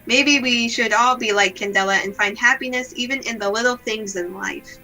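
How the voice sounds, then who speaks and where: A woman's voice: a little high, moderate pace, pushed and bright, faint music behind, rough recording. A woman reading a gloomy self-blaming young woman. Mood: melancholy. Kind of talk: reading a visual novel aloud.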